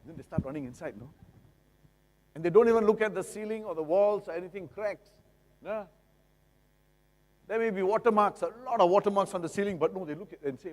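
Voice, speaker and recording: A man's voice: high-pitched, a little fast, pauses often. Singaporean man lecturing in a hall. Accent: Singaporean English. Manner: lively, asks the audience rhetorical questions; jokey, acts out buyers and sellers. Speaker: lawyer giving a seminar talk. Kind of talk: seminar lecture. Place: seminar hall. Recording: long reverb of a seminar hall.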